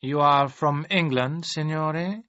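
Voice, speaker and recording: A man voicing a polite, worried male servant at a villa, speaking formally with careful, halting phrasing. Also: mid-range voice, animated, a bit bright, dry recording. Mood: grave. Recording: dry, slightly dull audio.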